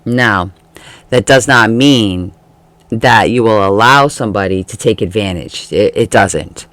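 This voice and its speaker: A man's voice: fairly low pitch, measured pace, a bit bright, no echo. Chatty man giving a tarot reading. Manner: chatty, laughs often, acts out quoted feelings. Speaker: tarot reader.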